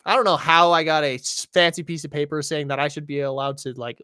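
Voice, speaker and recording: A young man hosting a casual podcast, talking in a loose, rambling way and making fun of himself. His voice is bright and a little high for a man. The sound is dry and close. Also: steady tone, fast, clean tone, dry recording. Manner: rambling, self-deprecating. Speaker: podcast host. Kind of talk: casual chat.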